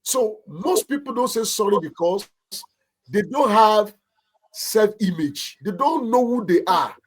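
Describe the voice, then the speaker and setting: On a talk show, a pastor and marriage counselor with a Nigerian accent gives emphatic marriage advice. He's preacherly and acts out little anecdotes. His voice is high-pitched and animated, and a little slow.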